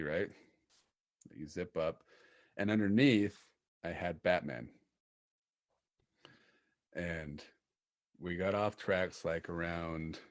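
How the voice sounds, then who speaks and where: Very low-voiced man telling stories. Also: dry recording. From Utah. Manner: animated storyteller, laughs often, many fillers. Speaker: podcast co-host. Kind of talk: casual chat, storytelling.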